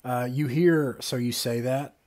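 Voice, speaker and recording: A man narrating as game master in a relaxed, casual way, with lots of fillers. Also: medium pitch, a little slow.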